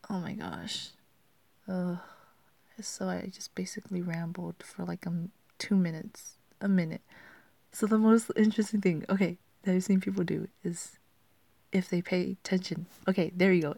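Brief: young female vlogger, lowish gravelly voice, giggly rambling, dry close mic. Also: a little mellow, no echo. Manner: rambling, giggly, often half-whispered. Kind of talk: casual questionnaire chat.

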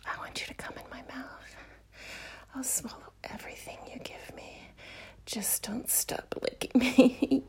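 A woman speaking in a whispered role-play, breathing her words softly and intimately between quiet murmurs. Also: sits high, fairly even intonation, a little slow, husky.

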